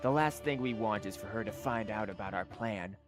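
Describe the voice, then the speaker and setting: A man voicing a calm, studious young male scholar, with a slightly nasal, polite, instructive delivery. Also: on the low side, brisk, over music, close to an everyday voice.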